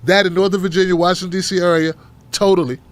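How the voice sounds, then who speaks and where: High-voiced Tennessee man ranting. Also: flat delivery, fast. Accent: Tennessee Southern. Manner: blunt, profane and mocking; fired up, rants with rhetorical questions. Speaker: political talk show host. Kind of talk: casual livestream commentary.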